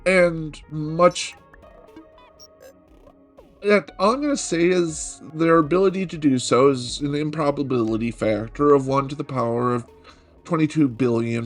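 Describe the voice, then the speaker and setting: A man's voice: medium pitch, fairly bright tone. A middle-aged man hosting a video game review, talking in a wry, joking way that rambles with self-corrections. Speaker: game reviewer, channel host. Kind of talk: casual game review monologue.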